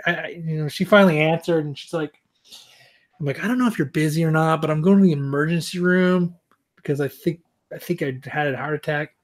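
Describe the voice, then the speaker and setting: A man co-hosting a podcast, telling a long story in a casual, animated, self-mocking way, with plenty of swearing. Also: fairly high pitch, fairly quick. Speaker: podcast co-host.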